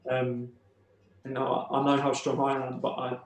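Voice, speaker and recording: A young man quietly retelling a painful personal story as a podcast guest, halting and emotional, with many restarts. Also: medium pitch, completely flat delivery, reverberant, a little hiss or hum.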